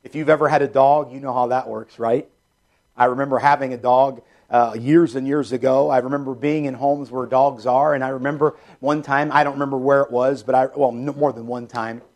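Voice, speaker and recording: A man preaching a sermon in an earnest, repetitive way, dropping soft and low when he voices a prayer. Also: fairly even intonation, a little fast.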